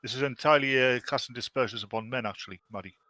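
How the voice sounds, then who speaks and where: A man's voice: mid-range voice, very fast, sharp tone, dry recording. A man co-hosting a podcast, making dry, sardonic jokes in casual chat. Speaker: podcast co-host.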